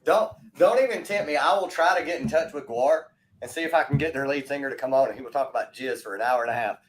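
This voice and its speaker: A man hosting a casual chat, telling stories in an animated way with frequent laughs. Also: medium pitch, fast. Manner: animated storytelling, laughs often. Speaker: host.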